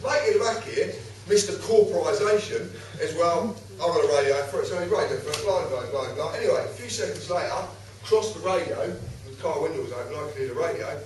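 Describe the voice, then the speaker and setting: A man's voice: high voice, fast talker, hardly any pauses, slight background noise. A man telling a story to a live audience at home, acting out both sides and swearing freely. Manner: animated, swearing, acts out both sides of his stories. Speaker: speaker giving a public talk. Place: home, recorded in a reverberant room. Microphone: far camera. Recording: very echoey room, camera from far off.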